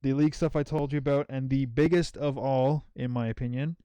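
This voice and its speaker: A man hosting a casual gaming podcast, rambling through the news with lots of ums and quick laughs. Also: medium pitch, steady tone, dark tone, clean tone, no echo. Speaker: podcast host.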